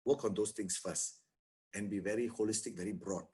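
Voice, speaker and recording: Brief: middle-aged Singaporean male lawyer, husky voice, fired-up webinar coaching with Singlish touches. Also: fairly low pitch, brisk. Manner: energetic, animated, peppered with Singlish particles. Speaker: lawyer giving a webinar to property agents. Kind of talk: motivational webinar talk.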